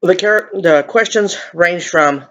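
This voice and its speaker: A man's voice: sits high, slow pace, fairly bright tone, muffled recording. A middle-aged man in a chatty eating vlog, rambling and laughing as he talks to viewers. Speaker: vlogger. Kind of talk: mukbang chat, eating on camera.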